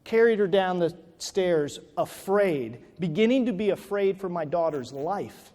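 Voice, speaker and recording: A man whose voice sits high, with a darkish tone and lively intonation, speaks a little slowly in a motivational keynote. In the large reverberant hall, he shares a personal story and then builds to emphatic urging.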